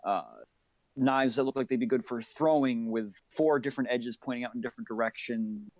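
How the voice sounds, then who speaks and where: A man's voice: medium pitch, steady tone, fairly quick, a little mellow, no echo. Guy running a tabletop game, mid voice, describes stuff with lots of uhs, dry close sound. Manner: descriptive, with many filler "uh"s. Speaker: game master.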